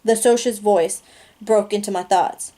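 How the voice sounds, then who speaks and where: A woman reading a novel aloud in a steady, plain narration, with small slips and restarts along the way. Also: mid-range voice, measured pace. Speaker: reader.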